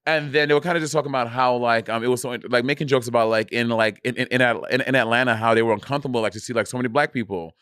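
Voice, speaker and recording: A man's voice: medium pitch, fairly even intonation, racing, hardly any pauses, fairly bright tone, clear, resonant tone, dry recording, clean studio sound. Chatty man swearing casually on podcast. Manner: loose, swears freely, chatty. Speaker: podcast co-host. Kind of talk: casual chat.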